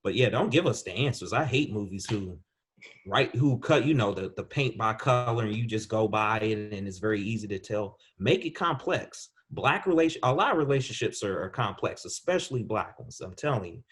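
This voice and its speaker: A man's voice: lowish voice, animated, fairly quick, a bit bright, breathy edge. A man co-hosting a podcast, giving a casual, rambling movie review with frequent restarts. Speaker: podcast co-host.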